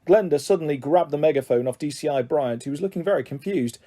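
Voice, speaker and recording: A man reading a children's book aloud as a storyteller, switching into higher voices for the characters. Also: fast, mellow. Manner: voices characters with high, raised pitch.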